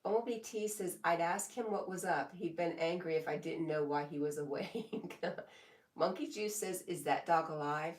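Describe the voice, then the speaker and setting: A woman casually chatting on a live stream, reading viewers' comments aloud in a relaxed way and laughing often. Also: lowish voice, moderate pace, recorded from a distance. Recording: echoey room, voice a bit off mic.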